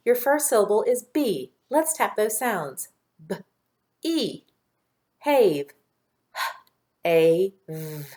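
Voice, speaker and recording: A woman teacher giving a patient, clearly spoken phonics and dictation lesson for young children. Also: mid-range voice, a little mellow.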